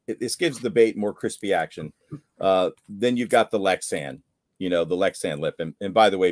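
Low-voiced man chatting casually. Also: darkish tone, dry recording, studio quality. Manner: storytelling, repeats catchphrases like "there you go". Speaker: guest angler. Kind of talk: casual live-stream chat.

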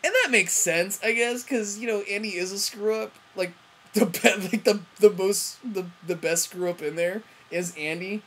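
Husky-voiced woman ranting. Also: mid-range voice, normal speed. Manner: profane, rambling, frustrated ranting; frequent self-interruptions and fillers. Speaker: TV review vlogger. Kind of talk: ranting TV episode review.

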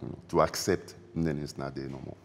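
A man, an interview guest recalling events in a halting, reflective way, repeating phrases with loose grammar. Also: very deep voice, steady tone, gravelly, a little hiss or hum. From Democratic Republic of the Congo. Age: 40s. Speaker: interview guest, former basketball player. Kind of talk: emotional recollection in a sit-down interview.

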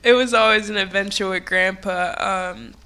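A young woman giving a tribute at her grandfather's funeral in a church sanctuary, speaking into a podium microphone. She talks fondly and laughs through her memories, growing soft when she turns serious. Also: mid-range voice, steady tone, moderate pace.

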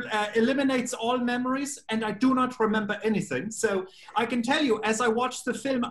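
A man with a German accent, answering interview questions in a playful, jokey way with deadpan asides. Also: very high voice. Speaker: voice actor being interviewed. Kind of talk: casual video-call interview.

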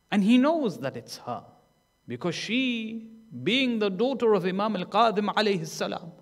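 A man preaching a sermon, telling a story in turns loud and emphatic, then hushed and low. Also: long reverb tail. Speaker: sheikh. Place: mosque hall.

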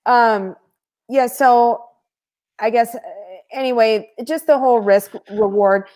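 A woman as a podcast guest, telling stories in a casual, animated way with frequent laughter. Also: on the high side, slow. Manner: animated, laughs often mid-story, many fillers. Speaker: podcast guest, former reality show contestant. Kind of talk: casual storytelling chat.

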